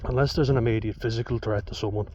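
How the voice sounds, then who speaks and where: An Irish vlogger talks fast in a mid-range voice, giving a rambling, casual monologue full of swearing and chatty asides. The audio is dull and lo-fi, with steady noise underneath.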